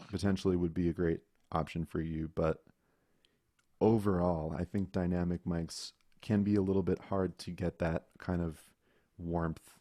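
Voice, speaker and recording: A man with a very low, mellow voice explains microphones to a class, patient and methodical. He speaks close into his mic over a video call. The sound is dry, with no room echo. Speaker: audio instructor. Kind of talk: teaching a live online class.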